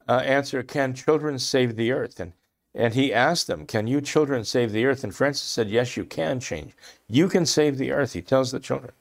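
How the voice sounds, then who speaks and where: Guy ranting about church stuff, keeps clearing his throat, punchy and repetitive, middle-pitched voice. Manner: impassioned, emphatic, repeats phrases for stress. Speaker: commentator. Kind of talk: religious commentary discussion.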